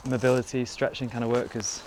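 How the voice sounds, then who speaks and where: A man's voice: mid-range voice, level tone, a little fast, background noise. A young man talking casually to the camera as a fitness vlogger, outdoors in a garden, chatty and rambling with lots of "you know" asides. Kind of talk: casual vlog talk to camera.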